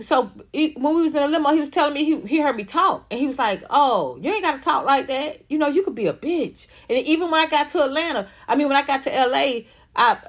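A woman host, giving brash, profane celebrity gossip commentary in an animated storytelling way. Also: fairly high pitch. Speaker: channel host.

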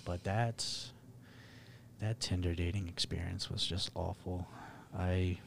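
A young man, co-hosting a podcast and telling dating stories in a casual, profane, animated way. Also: low-pitched, slow pace, gravelly, a little hiss or hum. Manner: profane, animated, laughing storyteller. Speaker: podcast co-host. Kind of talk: casual storytelling.

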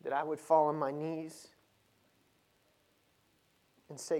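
A man preaching a sermon, moving from low, measured reading to loud, emphatic stretches. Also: flat delivery.

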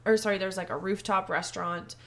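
A young woman co-hosting a podcast, telling a story in casual chat, animated and full of swearing. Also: medium pitch, fairly quick. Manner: animated, swearing, quotes people in heated voices. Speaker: podcast co-host.

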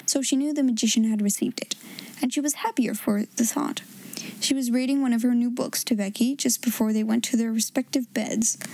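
A woman host reading a children's story aloud, with expressive, gently acted dialogue. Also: high voice, rough recording.

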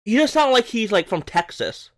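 A man co-hosting a podcast, talking over a film in a casual, rambling way, full of "like" and restarts, and often getting excited. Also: sits high, moderate pace. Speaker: podcast co-host. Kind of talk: casual movie-review chat.

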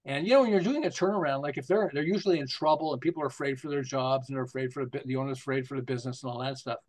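His pitch is medium but his speech races as this older marketing consultant, 60s or above, shares stories as a podcast guest. Animated and jokey, he laughs often throughout the casual conversation.

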